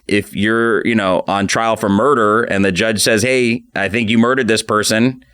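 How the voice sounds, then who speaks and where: A man with a low voice hosts a relaxed podcast conversation. He tells stories in a loose, chatty way and jumps into the voices of the people he describes. The sound is dry and close. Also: moderate pace, clean tone, no echo. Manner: animated storyteller acting out quotes. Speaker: podcast host, attorney. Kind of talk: casual conversational storytelling.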